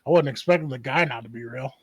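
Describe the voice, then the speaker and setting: A man playing a tabletop game, asking eager, quick questions. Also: medium pitch, husky, no room sound. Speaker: player. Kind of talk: casual play.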